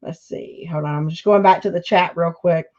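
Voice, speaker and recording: A woman's voice: lowish voice, fairly even intonation, normal speed, a little mellow, lo-fi sound. A woman chatting casually on a livestream, gushing about her crafts and reading the chat aloud. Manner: chatty, gushing, says y'all often, reads chat aloud. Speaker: YouTube crafter hosting a livestream.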